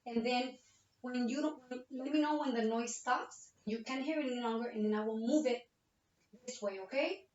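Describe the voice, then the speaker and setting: High-voiced woman narrating an exam. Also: moderate pace, a little mellow, a little hiss or hum. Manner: explains each step to the patient, checks in with frequent "okay?". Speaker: nursing student doing a practice exam. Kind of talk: narrated physical exam demonstration. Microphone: laptop webcam. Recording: roomy, distant, muffled webcam audio.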